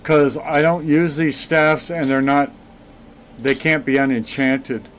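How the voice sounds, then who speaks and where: Slow, sarcastic gamer man. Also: on the high side, slight background noise. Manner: sarcastic, deadpan asides. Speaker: let's play gamer. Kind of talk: gameplay commentary.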